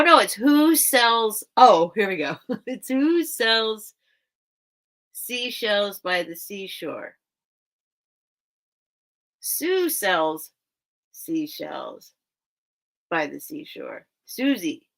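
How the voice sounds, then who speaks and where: Running a live vintage sale stream, this beach-raised woman chats away, wandering off topic and interrupting herself. She sounds a little high and a bit bright.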